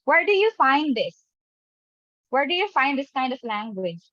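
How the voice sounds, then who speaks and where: A woman's voice: sits high, big pitch swings, normal speed, fairly bright tone, no room sound. Woman teacher on a dull video call. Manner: asks the class frequent "right?" checks. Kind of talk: online teaching session. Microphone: webcam mic on a video call.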